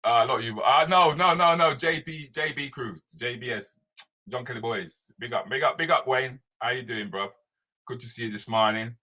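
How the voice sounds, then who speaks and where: Man, live-stream host, slangy and chatty, forceful bright tone. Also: medium pitch, moderate pace, a little hiss or hum. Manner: animated, loose, slangy, talks straight to viewers by name. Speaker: comedian hosting a live show. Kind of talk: live-stream chat greeting viewers.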